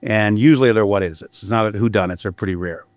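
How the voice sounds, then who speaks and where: A man's voice: on the low side, fast talker, no room sound. A middle-aged man, a criminal defense attorney, telling blunt, profane stories in a candid podcast conversation. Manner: blunt and profane, storytelling with frequent restarts.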